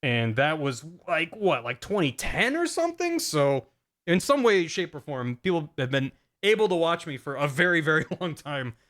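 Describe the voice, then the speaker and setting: A man's voice: fairly high pitch, sing-song, normal speed, a bit bright. A young man chatting casually on a live stream, rambling with frequent stammered restarts.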